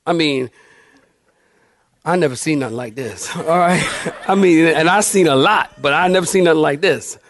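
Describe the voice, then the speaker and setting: A man's voice: a little high, moderate pace, fairly bright tone. A man in his fifties, a pastor telling a funny story in a sermon, folksy and laughing often.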